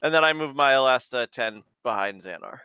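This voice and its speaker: A man's voice: medium pitch, lively intonation, normal speed, sharp tone, smooth. A man playing a tabletop game, chatting in a playful, bouncy way with silly sound effects. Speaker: player. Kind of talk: casual tabletop game chat.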